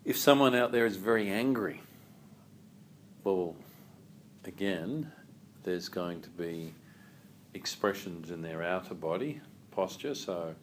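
A man teaching a yoga class, calm and asking the group questions. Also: deep voice, takes it slowly, pauses often, a little hiss or hum.

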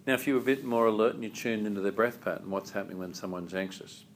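A man teaching a yoga class, calm and asking the group questions. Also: lowish voice, fast talker, slight background noise.

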